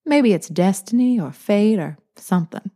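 A woman's voice: medium pitch, animated, moderate pace, warm tone, slightly rough. Woman doing a teasing old grandmother. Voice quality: soothing, drawling.

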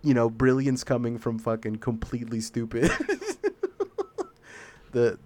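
A man's voice: mid-range voice, measured pace. A man co-hosting a casual podcast chat, swearing freely and breaking into frequent laughter. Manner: laughs a lot, swears, excitable. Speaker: podcast co-host.

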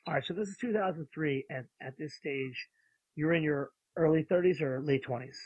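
A man's voice: on the high side, brisk, a little mellow, no echo, highs cut off. A man interviewing a guest, asking direct, probing questions.

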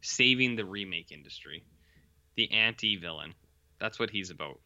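A tired man co-hosting a casual podcast, his voice bright and lively, swinging up and down as he tells stories. The sound is dull and lo-fi. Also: lowish voice, moderate pace. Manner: animated, tells anecdotes with quoted voices. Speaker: podcast co-host. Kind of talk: casual chat.

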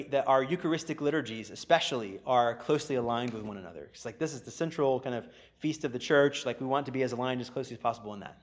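A man from the United States, a guest explaining church history in casual, chatty talk full of fillers, who acts out quoted speech as he goes. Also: medium pitch.

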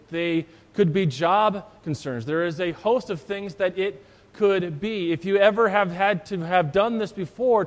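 A man's voice: high voice, big-room sound. A man, a pastor, preaching a sermon and telling a story in a conversational way. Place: church.

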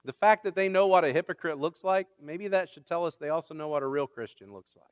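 A man, a pastor, preaching a sermon in a conversational way that builds to emphatic shouts. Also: on the high side, expressive, quick pace, dry recording.

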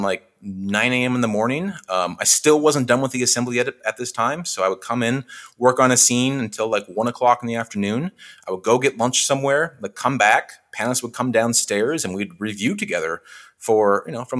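A young man from Western Washington, a film editor, telling a story in a casual interview, full of "likes" and quick restarts, acting out the people he quotes. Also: medium pitch. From Western Washington, USA. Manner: animated storyteller who acts out quoted exchanges; frequent likes and self-restarts.

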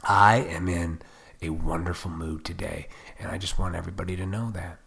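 A man's voice: low voice, little pitch movement, moderate pace, vocal fry, fairly bright tone. A man hosting his own podcast, ranting profanely and combatively, now and then mocking other people in put-on voices. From Illinois. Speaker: podcast host.

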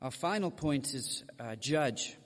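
A man's voice: mid-range voice, animated, slow, long reverb tail. A man preaching a sermon, speaking straight to his congregation with frank asides. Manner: direct, addresses the congregation with asides.

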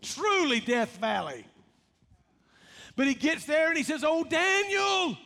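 Male preacher, very high voice, rhythmic sermon delivery, echoing church hall. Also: sing-song, unhurried, gravelly, bright, forceful tone. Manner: rhythmic preaching, calls out to the congregation. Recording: long reverb of a large hall.

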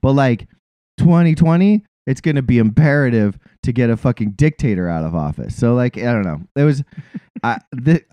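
On a muffled recording with no room sound, a man co-hosting a casual podcast rants in a mid-range voice at normal speed. He swears heavily and rambles with loose, animated energy.

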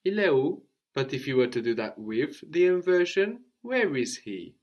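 A man teaching French to a student, explaining slowly and repeating phrases for her to copy. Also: medium pitch, big pitch swings. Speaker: language teacher.

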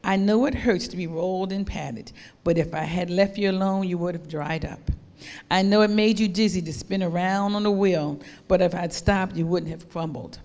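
A gentle old potter speaks in a calm, low, steady voice, as a woman preacher puts him on. The sound rings with a long hall reverb. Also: normal speed, natural voice. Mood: reassuring.

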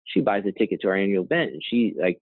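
A man's voice: sits low, expressive, quick pace, no echo. A man who co-founded and runs a nonprofit, telling a story in a rambling, conversational way with frequent "right?" and "you know" asides. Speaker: nonprofit co-founder and CEO, guest. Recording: dry, tinny phone-like line.

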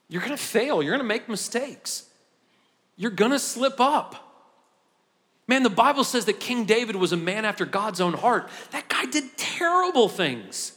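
A man's voice: high-pitched, fairly bright tone. A male pastor preaching a conversational sermon in a church, building from easy talk to impassioned peaks. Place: church sanctuary. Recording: long hall reverb.

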